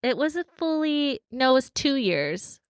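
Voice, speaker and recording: A woman's voice: high voice, big pitch swings, unhurried, a little hiss or hum. A young woman co-hosting a podcast, chatting casually and teasing with lots of laughter. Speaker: podcast co-host. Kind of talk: casual chat.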